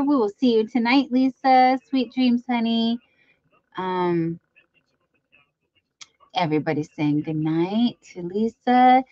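A woman's voice: a little high, normal speed, a little mellow, no room sound, muffled recording. A woman hosting a live crafting stream, chatting casually and reading out viewer comments as she greets them by name.

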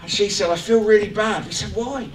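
A man preaching a lively, joking sermon to his church congregation. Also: high-pitched, a little fast, slight background noise. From England. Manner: animated, joking, rising excitement. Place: church hall. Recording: echoey church hall from far off.

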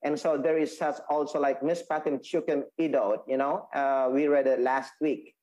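A man teaching a Sabbath school Bible lesson, explaining slowly with many restarts and fillers. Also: mid-range voice, fairly even intonation, darkish tone, rough recording. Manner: explaining, repeats and restates points, halting with fillers.

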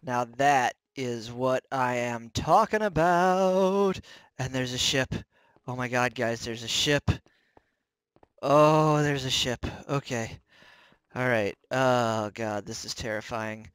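Let's-play host, male, unhurried but jumpy commentary with yelps and self-mockery, dry close mic. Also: medium pitch, a bit bright, clean tone, no room sound. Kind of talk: gameplay commentary.

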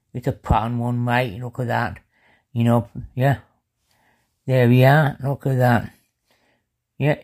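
A man's voice: medium pitch, darkish tone. A man showing off old coins in a casual vlog, chatty and filling every phrase with "mate" and "yeah". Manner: slow, drawn-out delivery. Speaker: coin collector showing coins. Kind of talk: casual show-and-tell vlog.

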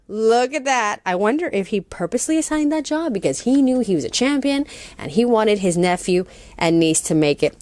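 A woman reads a children's story aloud in a playful way, adding asides and silly sound effects. Her voice is high and swoops a lot. The sound is close and dry, with no room echo. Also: animated, moderate pace. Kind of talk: animated storybook reading.

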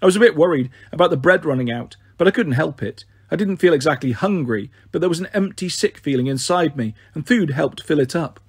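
A man reading a children's novel aloud in steady, expressive first-person narration. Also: fairly high pitch, a little fast, few pauses, breathy edge, no echo, studio quality. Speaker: storyteller. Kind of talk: children's book read aloud.

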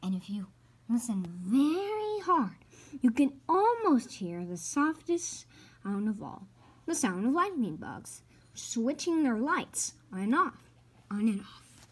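A woman reading a children's picture book aloud, slowly and carefully, with a few stumbles and hushed passages. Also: on the high side, sing-song, slightly rough. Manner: slow and careful, some stumbles, hushed at quiet parts. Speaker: storybook reader.

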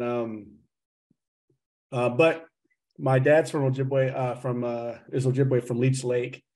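A man's voice: mid-range voice, dark tone. Teasing man with a slight Southern drawl. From Oklahoma. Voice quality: chatty, teasing, loose and joking. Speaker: associate professor and speaker. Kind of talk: casual lecture on a video call.

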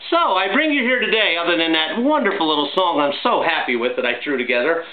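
A middle-aged man hosting his own vlog, talking in a chatty, upbeat, jokey way full of shout-outs. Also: fairly high pitch, animated, fast talker, a loud crowd. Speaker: vlog host. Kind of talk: casual home vlog monologue. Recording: echoey, tinny phone-like sound, faint hiss.

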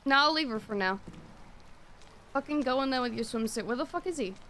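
A young woman streaming a game, reacting out loud with quick exclamations and frequent swearing. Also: high-pitched, expressive, a little hiss or hum. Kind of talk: casual live-stream gameplay commentary.

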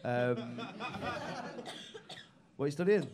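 A man's voice: medium pitch, expressive, slow. A male stand-up comedian doing crowd work on a club stage, teasing the audience with crude, cheeky banter.

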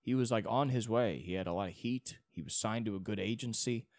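A man's voice: fairly low pitch, fairly quick, a little mellow, dry recording, clean studio sound. A young man hosting a solo podcast, rambling in a casual monologue with many restarts and frequent swearing. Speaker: podcast host.

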